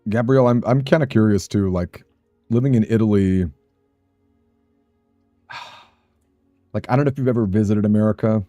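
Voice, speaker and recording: A man's voice: on the low side, moderate pace, pauses often, mellow, no echo, highs cut off, soft background music. A man streaming a game, chatting with viewers in a rambling, self-deprecating way and laughing often. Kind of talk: casual live-stream chat while gaming.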